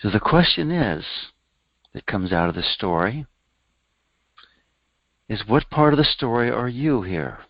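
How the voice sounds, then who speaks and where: A man's voice: measured pace, pauses often, no room sound, highs cut off. A man, a spiritual teacher, telling a parable in a sermon and lifting his voice for the characters' lines. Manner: animated storyteller, voicing characters with raised pitch. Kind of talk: storytelling sermon.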